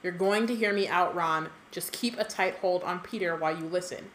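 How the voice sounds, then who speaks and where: A woman co-hosting a casual book-club podcast, reading passages aloud in a brisk, even tone and chatting between them with frequent giggles. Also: lowish voice, slight background noise.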